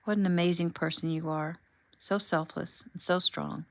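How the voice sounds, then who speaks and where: A gentle husband who comforts and reassures in a soft, unhurried way, read by a woman. The voice sits fairly low and sounds close and dry, with no room around it. It stays calm and caring throughout. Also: gravelly, no echo. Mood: tender. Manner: gentle, soothing. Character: tender reassuring husband, adult man.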